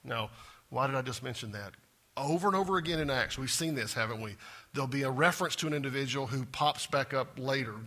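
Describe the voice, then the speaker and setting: A man preaching a sermon as pastor, animated, acting out scripture scenes and putting questions to his congregation. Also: medium pitch, quick pace. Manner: animated, acts out scripture quotes with rising intensity; asks the congregation direct questions.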